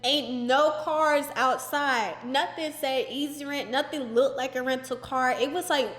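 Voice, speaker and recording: A young woman telling an exasperated storytime in casual chat, animated and full of "like" fillers. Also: high voice, measured pace, few pauses, faint music behind. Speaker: vlogger. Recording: roomy echoey indoor recording.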